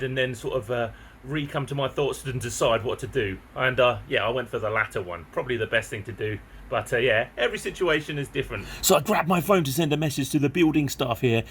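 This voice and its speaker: A middle-aged man, a vlogger recounting a story to camera in an excitable, chatty way, swearing mildly and chuckling. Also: medium pitch, slight background noise.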